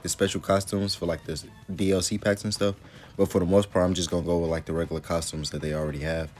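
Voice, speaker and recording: A man with a very low, deep voice chats casually to his viewers, rambling loosely with plenty of fillers. Faint music plays underneath. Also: darkish tone. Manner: laid-back, rambling, lots of fillers. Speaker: YouTuber. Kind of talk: casual video commentary.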